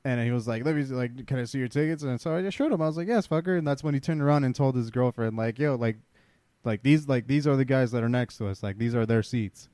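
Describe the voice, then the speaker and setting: A man co-hosting a podcast, telling stories in a relaxed, profane way. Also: medium pitch, fast, no echo. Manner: profane, laid-back storytelling. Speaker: podcast co-host. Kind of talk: casual chat.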